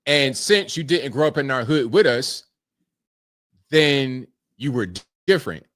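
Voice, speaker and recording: A man's voice: mid-range voice, expressive, unhurried, fairly bright tone, no echo. A man hosting a casual livestream, thanking viewers one by one and answering their comments in a laid-back way. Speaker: livestream host reading super chats.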